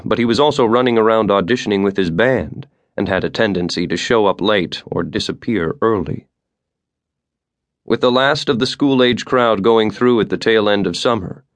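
A man reading an audiobook as narrator, in an even, measured storytelling manner. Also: on the low side, no echo. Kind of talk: scripted narration.

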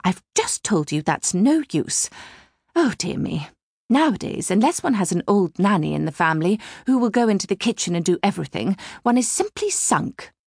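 A woman's voice: medium pitch, sing-song, normal speed, darkish tone, husky, no room sound, clean studio sound. A woman narrator voicing a chattering, snobbish middle-aged mother who prattles and gossips, in an audiobook. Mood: fretting. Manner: prattling, gossipy, easily scandalised. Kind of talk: audiobook character reading.

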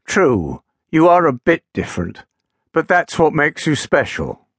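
A man voicing Gideon, a big, kind and wise male crane engine in a storybook, speaking calmly and fatherly. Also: on the high side, a little slow, slightly rough, dry recording, studio quality, full character voice.

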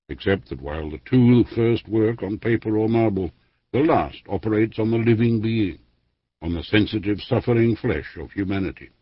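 Lively, husky male history narrator. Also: fairly low pitch, no echo. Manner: measured, formal reading with lively emphasis. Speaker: audiobook narrator. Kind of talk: scripted narration of a history book. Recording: dry, dull lo-fi studio recording.

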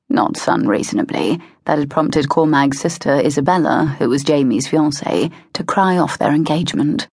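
A woman narrating an audiobook in a measured, expressive way, close to a studio mic. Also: deep voice, vocal fry, breathy edge, no echo. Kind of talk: scripted narration of a historical romance.

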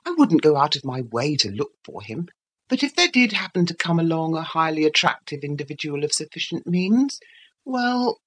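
A woman's voice: lowish voice, sing-song, normal speed, husky, pitched above the performer's own voice. A woman voicing an ironic, restless young woman in an audiobook reading, cool and probing.

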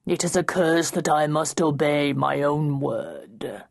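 A woman narrating an audiobook, voicing a mysterious, powerful male spirit who speaks slowly and quietly with a cold, cryptic menace. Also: deep voice, lively intonation, vocal fry, full character voice. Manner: slow, quiet, drawn-out menace.

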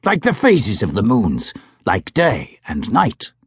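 A man voicing a grave adult male plainsman in an audiobook, speaking slowly and solemnly. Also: on the low side, wildly swooping pitch, breathy edge, no echo, studio quality, full character voice. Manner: slow, measured, solemn speech. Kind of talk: audiobook character voice.

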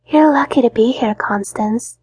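A prim adoptive mother with a breathy, soft delivery, moralizing and preachy, played by a woman reading the audiobook. The voice is fairly high and recorded close and dry. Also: normal speed, no room sound.

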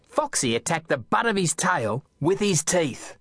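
A man narrating a children's audiobook in a playful, expressive storytelling manner. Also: a little high, a little slow, husky, dry recording, studio quality.

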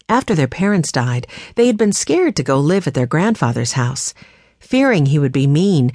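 A woman narrating a children's chapter book with expressive storytelling. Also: low-pitched, no echo, clean studio sound. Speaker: audiobook narrator. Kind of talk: scripted children's audiobook narration.

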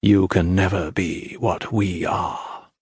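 A man voicing a grim, weary father who speaks coldly and quietly. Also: sits low, slow, breathy edge, no echo, clean studio sound, voice pushed down, heavily acted. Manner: cold, quiet and flat.

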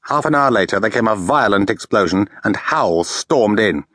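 Brief: male audiobook narrator, mid pitch, very lively delivery, dry studio recording. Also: normal speed, no room sound. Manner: expressive storytelling. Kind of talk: scripted narration.

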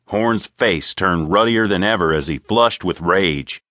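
A man narrating an audiobook in an expressive, crisp storytelling manner. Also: deep voice, measured pace, few pauses, no room sound, clean studio sound. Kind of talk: scripted narration.

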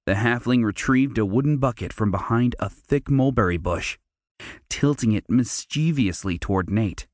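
A man narrating a children's fantasy audiobook in a measured, storytelling manner. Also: on the low side, darkish tone, no room sound. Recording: dry close studio mic.

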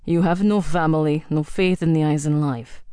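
A woman's voice: sits low, steady tone, normal speed, mellow, clear, resonant tone, no room sound, lightly acted. Female narrator doing a grumpy ancient viking guy, blunt and accusing, dry close sound. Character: hulking thousand-year-old male Viking, hostile and blunt.

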